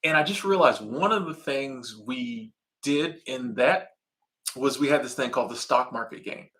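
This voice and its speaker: A man in his thirties chats on a casual live stream. His voice is bright and forward, and he talks in a laid-back, slangy, conversational way while he reacts to viewer comments. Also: mid-range voice, moderate pace. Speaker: channel host reading viewer comments.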